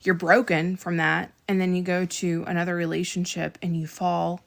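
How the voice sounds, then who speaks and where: A woman's voice: lowish voice, little pitch movement, normal speed, vocal fry. A woman in her thirties telling her dating story in a distressed, searching way, repeating herself. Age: 30s. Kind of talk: confessional monologue.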